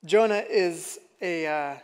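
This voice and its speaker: A man's voice: fairly high pitch, takes it slowly, clean tone, long reverb tail. A man preaching a sermon in a conversational way, often asking the audience questions. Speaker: pastor.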